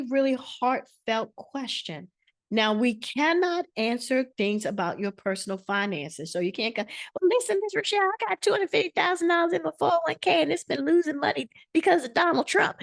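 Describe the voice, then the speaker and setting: A woman with a slightly high voice hosting an online money masterclass over a video call. She speaks in an animated, preacher-like way and drives points home by repeating words. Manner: animated, repetitive, preacher-like emphasis. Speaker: financial educator hosting a masterclass.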